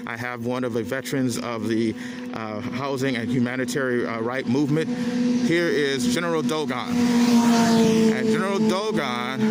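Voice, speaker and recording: A man hosting a show, introducing the episode and a guest in a plain, measured way. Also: mid-range voice, heavy background noise. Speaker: podcast host. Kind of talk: introduction and interviewing.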